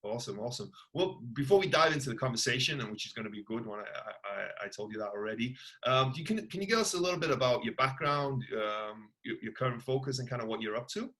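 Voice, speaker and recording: A man's voice: medium pitch, animated, fast, hardly any pauses, fairly bright tone. A middle-aged man hosting a podcast, chatting casually and enthusiastically, often repeating his praise. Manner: enthusiastic, repeats "that's awesome". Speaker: podcast host. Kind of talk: casual interview chat.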